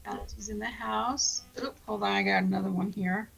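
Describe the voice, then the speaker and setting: A woman's voice: mid-range voice, steady tone, moderate pace, vocal fry, over music, low-quality recording. A woman co-hosting a radio talk show, announcing guests in a casual, upbeat chat and laughing often.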